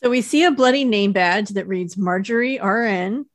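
A woman co-hosting a podcast, narrating a TV episode's plot step by step in a relaxed way. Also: mid-range voice, moderate pace. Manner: steady, detailed plot narration. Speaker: podcast co-host. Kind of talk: casual recap chat.

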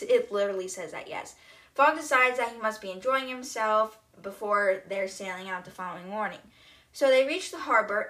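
Bright-voiced woman casually retelling a novel. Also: on the high side. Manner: chatty, wry asides. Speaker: podcast host.

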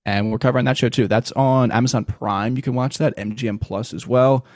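A man's voice: medium pitch, steady tone, brisk, no echo, clean studio sound. A man hosting a casual podcast, chatting loosely with some swearing and closing with show plugs. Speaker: podcast host.

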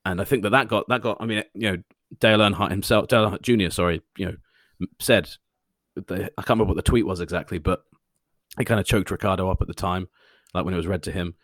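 A man's voice: deep voice, quick pace, no echo, studio quality. An English man co-hosting a podcast, chatting casually and joking about himself. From England. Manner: animated, self-mocking, laughs at own jokes. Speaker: podcast co-host. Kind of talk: casual chat.

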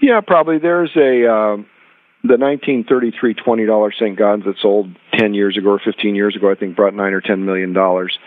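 Fast-talking man on a tinny phone line. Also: lowish voice, no echo. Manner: rambling anecdotes with lively quoted dialogue. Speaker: rare coin dealer and guest. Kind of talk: storytelling in a podcast interview.

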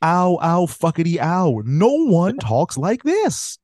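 A man's voice: on the high side, wildly swooping pitch, slow pace, darkish tone, dry recording. A man hosting a casual movie review chat, blunt and exasperated, who swears freely. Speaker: podcast host.

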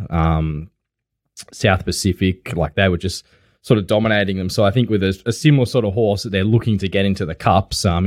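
Low-voiced Australian man tipping horses. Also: a little mellow, no room sound, studio quality. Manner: measured, hedging with fillers. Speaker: horse racing tipster. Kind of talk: casual racing analysis chat.

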